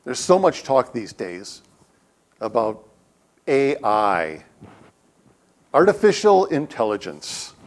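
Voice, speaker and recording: A man's voice: medium pitch, big pitch swings, slow pace, long pauses. A man, a guest speaker, giving a conversational sermon in a church with humorous stories. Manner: humorous storytelling, acts out quotes. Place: church sanctuary.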